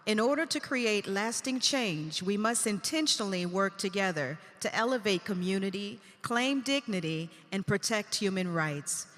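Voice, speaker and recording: A woman acts as emcee and reads scripted stage announcements in a measured, formal way. Her voice carries a long hall reverb. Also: mid-range voice, lively intonation, a bit bright. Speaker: event emcee.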